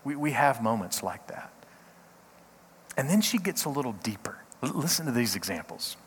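A middle-aged man, a pastor, giving a short devotional talk in an earnest, halting way, often repeating words. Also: medium pitch, big pitch swings, big-room sound, a little hiss or hum.

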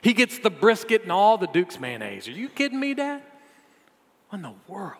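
A man's voice: high-pitched, wildly swooping pitch, normal speed, gravelly, a bit bright, in a large hall, pitched above the performer's own voice, exaggerated voice. A man voicing a resentful older son, ranting in an exasperated, comically exaggerated complaint. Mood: indignant. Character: resentful grown older son, whiny and indignant.

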